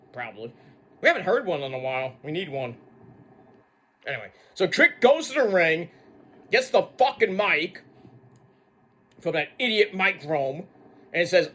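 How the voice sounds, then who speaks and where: A man rants through a wrestling show review in a bright, high, lively voice. He swears freely and mocks the people he talks about, and his pitch leaps from low grumbles to high yells. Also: moderate pace, long pauses. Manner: animated, swearing, mocking. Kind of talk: casual profane rant.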